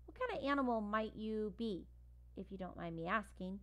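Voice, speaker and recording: A gentle old male giraffe from a storybook speaks in a soft, calm, polite voice, as a woman reads him aloud. He talks slowly and courteously. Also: mid-range voice, lightly acted.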